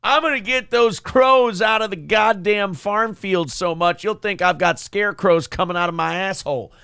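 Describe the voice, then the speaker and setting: A man putting on the voice of a crude, loud older Southern farm politician in a mock campaign ad. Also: sits high, normal speed, vocal fry, clean tone, no room sound, clean studio sound, exaggerated voice. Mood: ranting. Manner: crude shouting campaign parody.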